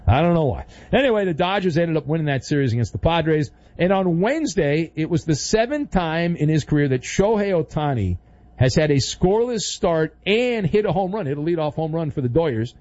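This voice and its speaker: A man hosts sports talk radio in a voice a touch above the usual pitch, joking and chatty. He speaks close to the mic. The studio sound is dry and a little dull. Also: animated, a little fast, a little mellow, dry recording.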